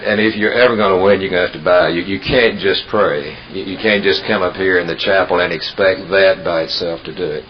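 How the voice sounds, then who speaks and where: Deep-voiced man preaching in storytelling fashion. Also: fairly even intonation. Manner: folksy storyteller, unhurried with emphatic pauses. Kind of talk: sermon with humorous storytelling. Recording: dull lo-fi tape with hiss.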